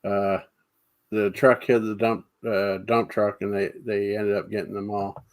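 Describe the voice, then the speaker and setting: A man hosts a relaxed conversation in a low voice. He talks in a halting way, stopping often on fillers before he finds his words. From New York State. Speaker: host. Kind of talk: casual chat.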